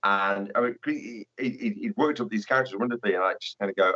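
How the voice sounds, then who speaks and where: Low-voiced man on a muffled line. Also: bright, forceful tone. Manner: measured and appreciative, with frequent "you know". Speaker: guest author. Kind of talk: casual podcast chat.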